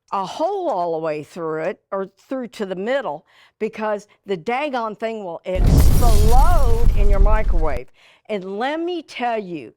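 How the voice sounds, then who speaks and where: A middle-aged woman hosts a cooking demonstration in a studio kitchen, folksy and chatty as she works. Her speech is unhurried, and her pitch swings widely up and down. The sound is dry and close, with no room echo. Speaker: TV cooking show host.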